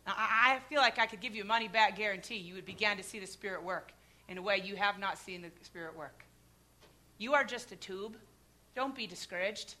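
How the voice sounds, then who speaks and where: A middle-aged woman preaching a sermon, telling personal stories in an animated way, with sudden shouts and hushed asides. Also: medium pitch, a little fast.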